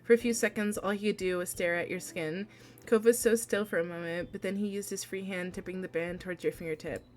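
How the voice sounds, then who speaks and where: A young woman streamer reading a romance visual novel aloud, soft and unhurried, with frequent fillers and light laughs. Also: fairly low pitch, steady tone.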